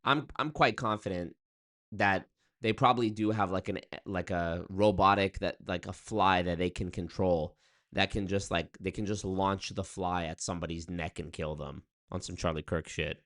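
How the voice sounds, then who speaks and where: Man, deep low voice, casual rambling stream chat, profane, young adult. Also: steady tone, moderate pace, a bit bright.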